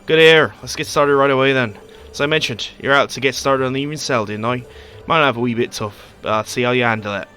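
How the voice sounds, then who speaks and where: Brief: man doing a chatty merchant dad with a folksy Scottish-style lilt, bright tone, faint music behind. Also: mid-range voice, fast talker, close to an everyday voice. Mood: friendly. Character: chatty middle-aged male market merchant, a father.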